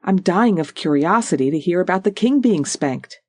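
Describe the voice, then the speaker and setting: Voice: medium pitch, expressive, normal speed, darkish tone, dry recording, lightly acted. An audiobook narrator voicing a curious teenage girl speaking in an eager whisper.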